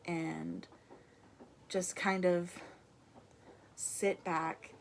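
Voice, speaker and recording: A woman's voice: fairly low pitch, flat delivery, extremely slow, slight background noise. A young woman chatting casually to camera from her room at home, rambling and laughing as she talks, a little out of breath. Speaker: vlogger.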